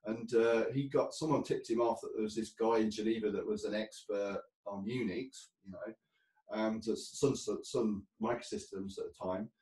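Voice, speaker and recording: A man's voice: on the low side, steady tone, normal speed, a little mellow. Man, interview guest, casual storytelling, rambling, frequent laughter, roomy, distant from mic. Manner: rambling, laughs often, many restarts.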